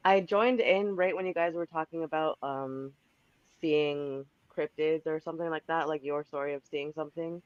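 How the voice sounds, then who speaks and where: A woman's voice: low-pitched, fairly even intonation, moderate pace, clear, resonant tone, dry recording. A woman calling into a podcast with a sick voice, telling a story in a chatty way and laughing between sentences. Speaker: caller. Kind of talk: casual storytelling. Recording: dull lo-fi call-in line.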